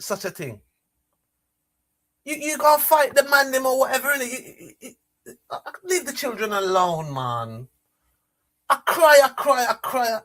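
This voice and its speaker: A man's voice: high-pitched, fairly bright tone. A man talking in a rambling, repetitive and emotional way, streaming outdoors near trees. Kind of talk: casual rambling monologue.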